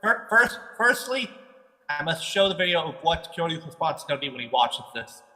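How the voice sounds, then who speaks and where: An excitable man co-hosting a casual podcast, repeating words and cutting in. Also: fairly high pitch, fairly quick, big-room sound. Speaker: podcast co-host.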